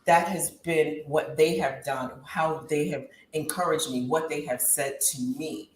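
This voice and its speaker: A woman's voice: low-pitched, steady tone, measured pace. A woman in her thirties giving an impassioned testimony in an interview, with a preacher-like rise and fall. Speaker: guest talk show host. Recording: roomy echo with faint background hiss.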